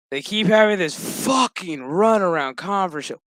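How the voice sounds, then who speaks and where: A man riffs through a TV episode recap in a loose, foul-mouthed, joking way. His voice sits a little high for a man. The sound is close and dry, with no room echo. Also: normal speed, few pauses. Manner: profane, joking, animated storytelling. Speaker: show recap host.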